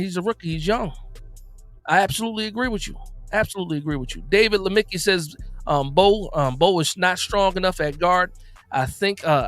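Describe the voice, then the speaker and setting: A man's voice: fairly high pitch, fairly bright tone, no room sound. A man hosting a casual live-stream, reading viewers' comments aloud and reacting to each, often repeating his words. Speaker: host.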